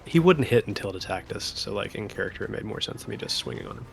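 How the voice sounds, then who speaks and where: A man's voice: lowish voice, big pitch swings, very fast, vocal fry, soft background music. A man playing a tabletop game, explaining his choices practically. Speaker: player. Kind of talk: casual tabletop play.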